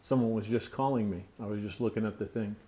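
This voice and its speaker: A man's voice: on the low side, fast, mellow. A man from Pennsylvania hosting a casual unboxing vlog, talking loosely with lots of swearing and rambling asides. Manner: scolds his pet mid-talk. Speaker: tattoo channel host.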